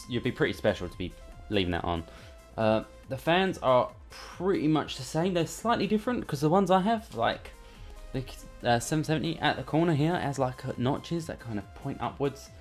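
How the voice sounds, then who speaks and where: A man's voice: mid-range voice, animated, brisk, faint music behind. A man chatting casually and irreverently while unboxing gear in a bedroom at home. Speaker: hardware reviewer. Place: bedroom at home under a studio light.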